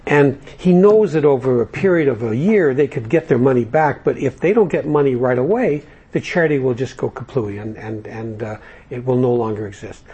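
A man with a warm, slightly rough medium-pitched voice talks fairly quickly to a recovery group, on lo-fi sound. He tells jokes and stories in a loose, conversational way, with plenty of fillers.

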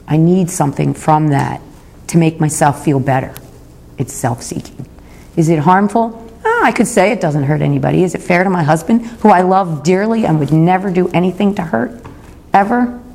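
A woman's voice: low-pitched, gravelly, dark tone. A woman in her fifties giving a candid, reflective personal talk at a recovery meeting, speaking openly about her own faults. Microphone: recorded talk.

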